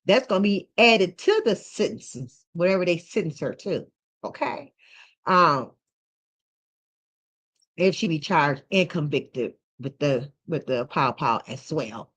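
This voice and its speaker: Woman livestream host, lowish voice, rambling casual talk, lots of fillers, close phone mic. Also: lively intonation, slow, fairly bright tone, breathy edge. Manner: rambling, repeats itself, many fillers and "okay?".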